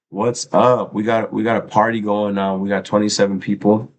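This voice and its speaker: A man's voice: fairly low pitch, flat delivery, moderate pace, few pauses, rough recording. A middle-aged man hosting a casual livestream, chatting loosely and teaching an art lesson on mindfulness, swearing now and then.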